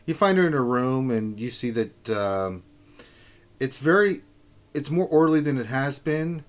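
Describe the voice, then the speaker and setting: A man narrating a tabletop role-playing game as dungeon master, in a relaxed, halting way. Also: medium pitch.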